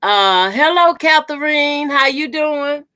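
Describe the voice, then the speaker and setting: A woman hosts a home livestream for her quilting channel. She speaks slowly in a slightly raised voice. She chats casually, says "y'all" often and greets each viewer by name as she holds her work up to the camera. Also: high-pitched, lively intonation, bright, forceful tone. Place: home room by a door.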